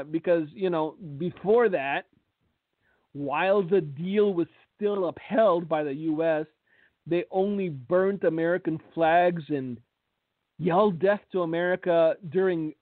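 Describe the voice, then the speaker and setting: A male radio host with a high voice who speaks slowly and bluntly, with a sarcastic edge. His lines often stumble over repeated words, and the sound is dry and tinny, like a phone line. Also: no room sound. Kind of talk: radio commentary.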